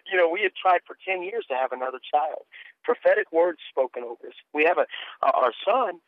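A man's voice: on the high side, animated, fairly quick, no echo. A male minister speaks with fervent conviction, his voice carried in earnest, preacher-like waves as he tells his story. The sound is thin and boxed in like a phone line, with a dry, close feel and no room around it. He presses on with heartfelt urgency. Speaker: minister and guest. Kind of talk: fervent testimony and prophetic ministry.

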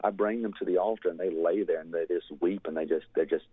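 Over a dry, tinny, phone-like line with no room sound, a man with a deep, husky voice gives a fervent ministry testimony. He talks fast in a steady tone, telling it earnestly and filling it with "you know."

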